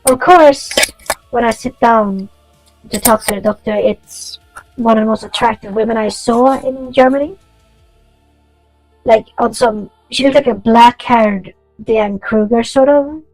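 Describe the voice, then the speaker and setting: Woman, casual coding-stream chat, rambling, swears a lot, high-ish pitch, dry close sound. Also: unhurried, a little mellow, no room sound, faint music behind, low-quality recording.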